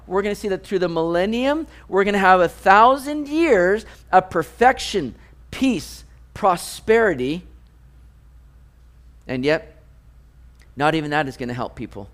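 A man preaching a sermon, reading scripture and explaining it with animated, playful asides. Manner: animated, jumps to high mock voices for jokes. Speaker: pastor.

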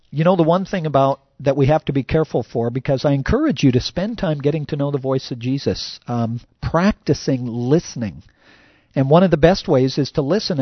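A man's voice: on the high side, no room sound, lo-fi sound. Man preaching a casual sermon. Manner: conversational, frequent "you know" fillers. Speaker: pastor.

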